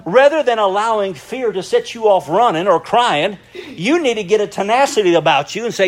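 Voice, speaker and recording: A middle-aged man preaching a sermon as a pastor, telling stories in a lively way and laughing often. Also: high-pitched, moderate pace.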